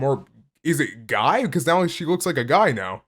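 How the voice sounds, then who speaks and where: A man casually reacting to a comic chapter, excitable and stammering, packing his talk with "like" and reading passages aloud between his reactions. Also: a little high, normal speed, breathy edge. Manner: excitable, stammering, heavy use of "like".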